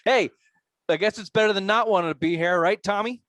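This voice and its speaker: Higher-voiced man hosting sports talk. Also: a little fast, fairly bright tone, no echo, clean studio sound. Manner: joking, laughing, swears freely. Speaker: sports podcast host.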